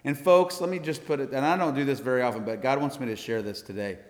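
A man's voice: medium pitch, steady tone, quick pace. A man from the United States, a missionary, speaking earnestly and folksily to a church congregation, laughing often. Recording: long hall reverb.

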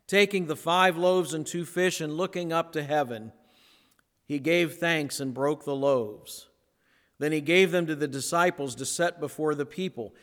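Slow-preaching man in a reverberant hall. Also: a little high. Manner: slow, conversational preaching with playful voiced asides. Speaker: pastor. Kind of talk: sermon.

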